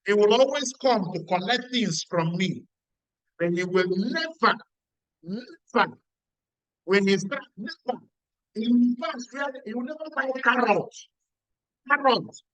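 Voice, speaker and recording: A middle-aged man with a Nigerian accent gives a motivational talk at a weekly meeting. His voice sits high and sounds bright and forceful as he repeats himself and throws questions at the audience. The sound is dry and close. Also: animated, moderate pace, no echo, poor audio. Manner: emphatic, repeats lines, asks the audience questions. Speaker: business mentor.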